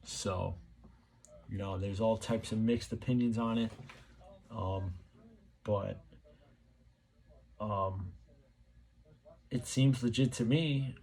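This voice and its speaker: A man's voice: fairly low pitch, steady tone, takes it slowly, gravelly, long pauses, a little mellow. A man hosting his channel, talking casually to camera and rambling as he muses aloud, with plenty of fillers. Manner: rambling, musing, many fillers. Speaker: channel host.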